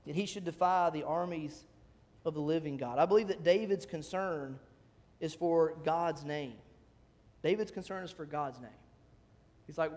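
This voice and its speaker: A male pastor preaching a sermon in a church sanctuary, talking conversationally and rising in pitch on emphatic questions. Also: a little slow, long pauses, a little mellow. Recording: long church hall reverb.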